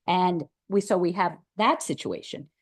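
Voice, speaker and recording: A woman's voice: lowish voice, measured pace. A woman speaking at a town committee meeting, thinking aloud in long, looping sentences with restarts. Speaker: committee member. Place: meeting room.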